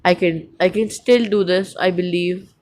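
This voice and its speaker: A young man with an Indian English accent, giving nervous, excitable running commentary on his own mobile gameplay. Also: high-pitched, unhurried. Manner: excitable, panicky, talks to himself nonstop. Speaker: mobile gaming YouTuber.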